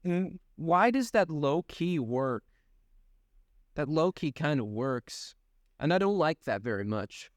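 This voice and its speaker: A young man co-hosting a podcast in casual chat, rambling and halting, swearing freely. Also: a little high, lively intonation, dry recording, clean studio sound. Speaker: podcast co-host.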